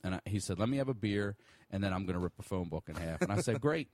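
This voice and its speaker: Low-voiced profane man telling a story. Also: fast, no room sound. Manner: profane, animated storyteller who laughs often. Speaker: podcast guest, comedian. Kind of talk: casual storytelling chat.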